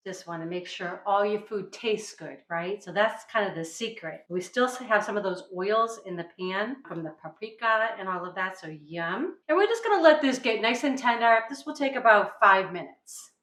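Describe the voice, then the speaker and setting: A woman's voice: mid-range voice, animated, moderate pace, few pauses, a bit bright, echoey room, poor audio. A middle-aged woman from New England hosting a casual cooking demonstration, chatty and upbeat, often checking in with "right?". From New England, USA. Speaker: cooking show host. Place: home kitchen.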